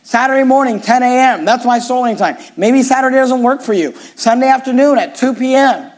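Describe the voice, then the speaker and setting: A man's voice: very high-pitched, expressive, fairly quick. A middle-aged man, a pastor, preaching a sermon with emphatic, repetitive phrasing.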